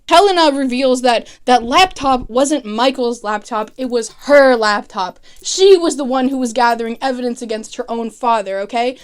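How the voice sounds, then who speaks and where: Excitable young woman, higher voice. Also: normal speed, few pauses, smooth. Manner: excitable, swears, laughs often. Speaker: recap vlogger. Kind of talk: casual plot recap with comic voiced quotes.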